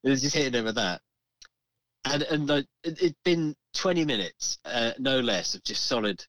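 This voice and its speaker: A man co-hosting a podcast, telling a story in a casual, animated way and acting out the voices of the people in it. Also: medium pitch, normal speed, dry recording, poor audio. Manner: animated, swearing, acts out the voices in his story. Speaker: podcast co-host.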